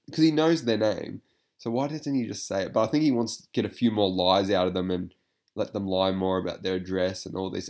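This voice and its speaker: A man's voice: low voice, a little mellow. A man giving casual reaction commentary, rambling with lots of fillers, swearing and frequent laughter.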